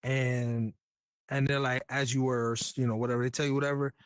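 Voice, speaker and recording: A man's voice: medium pitch, flat delivery, fairly quick, clean tone, dry recording. A man from New York, a Navy veteran guest, telling his story in a candid, earnest, slangy way. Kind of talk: casual storytelling.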